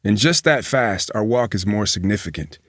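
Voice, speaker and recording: Guy reading a magazine feature out loud, steady and even, dry close sound. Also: on the low side, normal speed, no echo. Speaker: news reader. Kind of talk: reading a magazine profile aloud.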